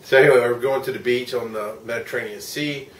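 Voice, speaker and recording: A man's voice: mid-range voice, steady tone, quick pace, a little hiss or hum. A tired middle-aged man from the United States recounting his day in a candid, rambling travel vlog, swearing when frustrated. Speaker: vlogger and podcaster. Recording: roomy echo, mic at a distance, faint ambience.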